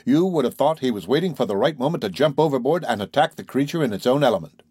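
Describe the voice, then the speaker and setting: Husky male audiobook narrator. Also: medium pitch, animated, quick pace, warm tone, no echo, studio quality.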